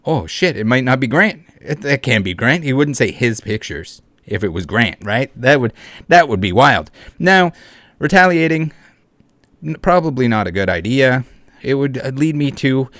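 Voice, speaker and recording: A man's voice: mid-range voice, animated, moderate pace, a bit bright, dry recording. A man hosting a casual commentary video, reading comments and a news article aloud with sarcastic, mocking asides and frequent swearing. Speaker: YouTube commentator.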